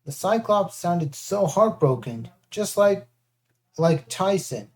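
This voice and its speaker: Mellow-voiced first-person audiobook narrator. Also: medium pitch, measured pace. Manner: lively, with character voices.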